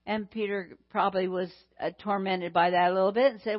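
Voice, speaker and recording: A woman preaching a sermon in a deliberate, emphatic way, repeating phrases for weight. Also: medium pitch, steady tone, muffled recording.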